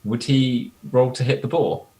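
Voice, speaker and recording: A man's voice: mid-range voice, fairly even intonation, unhurried, dark tone, rough recording. A man playing a tabletop game, declaring his character's action and asking about the rules. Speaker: player. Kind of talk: casual tabletop game talk.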